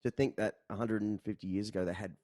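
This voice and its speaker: A man's voice: fairly low pitch, steady tone, fast, dark tone, dry recording, studio quality. A man hosting a casual chat over beers, rambling loosely and swearing now and then. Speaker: podcast host. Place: indoors, relaxed room.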